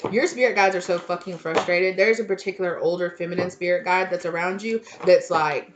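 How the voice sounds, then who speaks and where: A woman's voice: lowish voice, fairly even intonation, fairly quick, muffled recording, noisy background. A woman giving a casual tarot reading, blunt and emphatic, swearing freely and repeating her points. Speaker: tarot reader.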